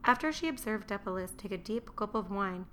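A woman reading a historical novel aloud, measured and dry. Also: medium pitch, expressive, a bit bright, slight background noise. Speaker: narrator. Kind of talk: audiobook narration.

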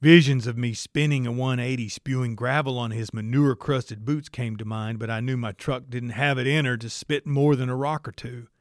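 A man's voice: medium pitch, fairly even intonation, moderate pace, hardly any pauses, no room sound. A man narrating a story in the first person, with a wry, dry storytelling manner. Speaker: audiobook narrator.

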